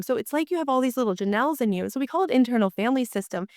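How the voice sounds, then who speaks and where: A woman with a fairly high voice talks as a coaching guest, recorded close and dry. She explains things in an animated way and slips into little voiced quotes of inner thoughts. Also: rapid-fire, no room sound. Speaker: marriage coach and hypnotist guest.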